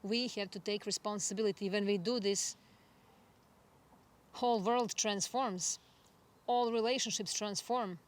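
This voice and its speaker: Gentle woman giving a spiritual talk. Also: mid-range voice, fairly even intonation, measured pace, pauses often. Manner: gentle, reflective, soft laughs. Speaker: astrologer. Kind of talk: spiritual forecast monologue.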